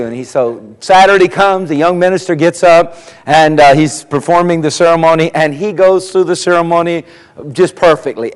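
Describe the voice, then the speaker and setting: A man's voice: a little high, clean tone. A man preaching a sermon, telling folksy jokes and acting out the voices in them. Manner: folksy storytelling, acts out voices in his jokes. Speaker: pastor. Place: church sanctuary. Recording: long hall reverb.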